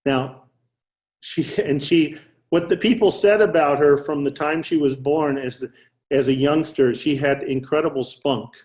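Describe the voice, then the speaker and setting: A man's voice: fairly high pitch, unhurried, darkish tone. Older man telling clinical stories. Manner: anecdotal, repeats himself and restarts mid-sentence. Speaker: psychiatrist guest. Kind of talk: casual storytelling interview.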